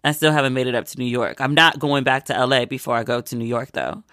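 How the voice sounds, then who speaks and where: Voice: mid-range voice, steady tone, fast talker, a bit bright, no echo, studio quality. A vlogger from Maryland, sick with a cold, chatting casually and acting out what people said. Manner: chatty storyteller, acts out quoted lines.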